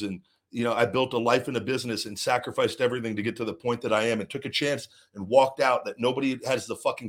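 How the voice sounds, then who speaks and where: A middle-aged man hosting a live show and answering viewer questions, swinging between profane, heated ranting and calm, rambling advice, with frequent repeated words and restarts. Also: mid-range voice. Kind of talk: unscripted livestream chat.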